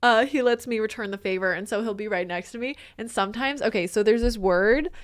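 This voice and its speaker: A woman's voice: a little high, fairly quick. A woman co-hosting a casual podcast, rambling with many fillers and breaking into playful squeals. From Filipino family. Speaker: podcast co-host. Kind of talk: casual chat.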